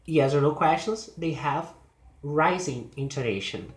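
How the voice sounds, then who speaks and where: A man teaching English pronunciation, explaining things slowly and deliberately, with frequent pauses and fillers. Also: medium pitch, reverberant. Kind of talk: slow explanatory lesson.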